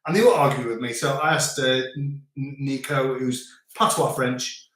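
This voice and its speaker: Northern english bloke rambling on a live stream, lots of repeats, really echoey room. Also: male voice, medium pitch, moderate pace, a bit bright. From England. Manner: chatty, rambling, repeats words. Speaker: host. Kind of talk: casual live-stream chat. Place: family home in rural France.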